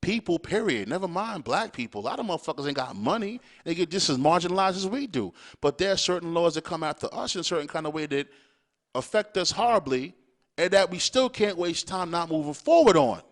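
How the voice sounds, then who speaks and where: A podcast host rants in an opinionated monologue, blunt and profane, hammering his points home with repeated "all right?" check-ins to the listener. His voice is fairly high, very animated, and brisk.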